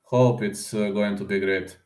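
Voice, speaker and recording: A man's voice: fairly low pitch, steady tone, unhurried, darkish tone. A man hosting a casual livestream, chatting with viewers, speaking as a with lots of fillers. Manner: chatty, many fillers and "man", reads chat aloud. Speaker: livestream host making fight predictions. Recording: roomy echo.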